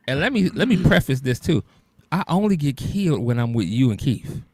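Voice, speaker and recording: A man's voice: medium pitch, very animated, fairly quick. A man co-hosting a podcast, chatting casually in a loose storytelling way and laughing often. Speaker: podcast co-host. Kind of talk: casual chat.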